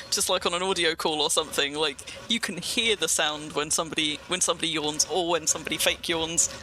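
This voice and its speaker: A woman's voice: lowish voice, pushed and bright, a little hiss or hum. A woman hosting a casual livestream chat, rambling through explanations and laughing often. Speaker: streamer and host.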